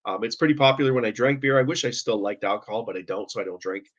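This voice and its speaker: A man from Canada chats casually, hedging and restarting his sentences often. His voice is mid-pitched, and the sound is slightly dull and lo-fi. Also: fast talker. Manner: hesitant, full of fillers and restarts. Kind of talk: casual chat.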